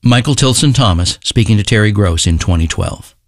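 A man reading a scripted radio announcement in a measured, formal delivery. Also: fairly low pitch, lively intonation, no echo, clean studio sound. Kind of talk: scripted news narration.

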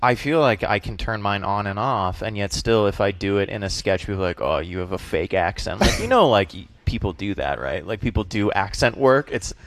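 A man from the Boston area with a faint Boston accent, a comedian guest talking in a casual, animated, jokey way. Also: on the low side, brisk, few pauses. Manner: animated, jokey, slips into character voices. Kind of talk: casual interview chat.

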